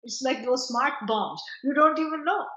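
A woman giving a chatty, digressive spiritual lecture, with quick laughs and asides. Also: sits high, a bit bright. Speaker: teacher of scripture. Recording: roomy, dull lo-fi recording.

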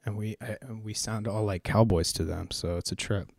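A man's voice: lowish voice, steady tone, moderate pace, vocal fry, no room sound, studio quality. An American man rambling through news in a casual, profane, joking way, full of fillers and restarts. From United States.

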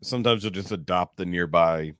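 Low-voiced man hosting a podcast. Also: fairly quick, clean tone, no echo, studio quality. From Texas. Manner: relaxed, rambling, easygoing. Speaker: podcast host. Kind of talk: casual chat.

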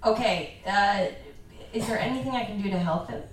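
A woman's voice: medium pitch, normal speed, recorded from a distance, slight background noise. A woman plays in a tabletop game, giggly and playful as she talks. Her voice rings in a very echoey room. She sounds a fair way from the mic. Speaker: player. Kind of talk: casual tabletop game play.

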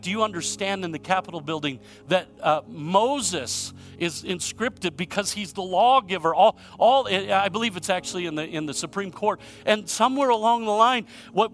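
A pastor from Michigan, USA, preaches a sermon in a high voice, telling stories and posing rhetorical questions. He swings between loud emphasis and hushed moments.

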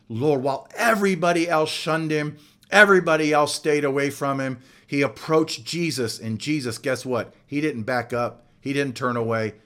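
A man preaching a sermon, earnest and building emphasis with slow, drawn-out words. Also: medium pitch, a bit bright. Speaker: pastor.

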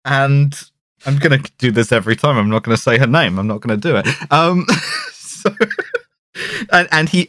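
A man co-hosting a casual podcast about a film, talking in an animated, sweary way with frequent restarts and laughs. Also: medium pitch, moderate pace, no echo, studio quality. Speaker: podcast co-host.

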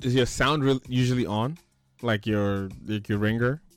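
A man hosting a casual online chat show on a video call, lively and joking, laughing often and trailing off into fillers. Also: medium pitch, moderate pace, smooth, soft background music. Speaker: podcast host.

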